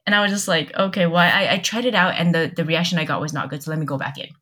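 Low-voiced young woman telling a personal story. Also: fairly even intonation, bright, forceful tone. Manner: candid, halting, many restarts and quoted dialogue. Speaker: podcast guest. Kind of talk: personal storytelling in casual chat.

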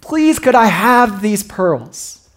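A man's voice: very animated, slow pace, fairly bright tone, full character voice. A man putting on a pleading little girl. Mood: pleading, eager. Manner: high pleading child voice.

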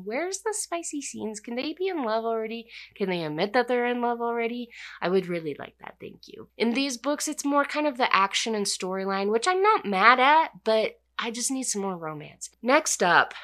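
A woman's voice: mid-range voice, fairly bright tone. A young woman casually retelling a fantasy novel's plot, chatty and full of fillers. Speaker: book reviewer. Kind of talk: casual book recap.

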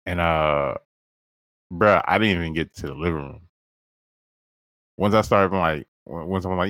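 Bright-toned, low-voiced man in candid podcast chat. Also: measured pace, long pauses, no echo. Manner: slangy and candid, peppered with "bro" and laughter. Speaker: podcast host. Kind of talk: casual storytelling chat.

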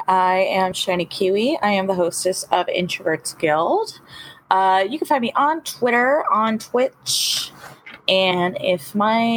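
A woman playing in a tabletop game, speaking in a slow, relaxed way. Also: mid-range voice, a little hiss or hum, rough recording. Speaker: player, fellow podcast host.

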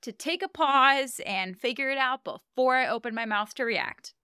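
A young woman co-hosting a casual chat podcast, animated and laughing often as she retells scenes. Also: high voice, normal speed, clean tone, no room sound, clean studio sound. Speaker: podcast co-host.

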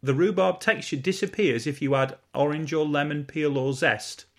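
A man's voice: a little high, normal speed, a bit bright. A man co-hosting a podcast, chatting casually and reading out listener messages. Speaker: podcast co-host. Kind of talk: casual chat.

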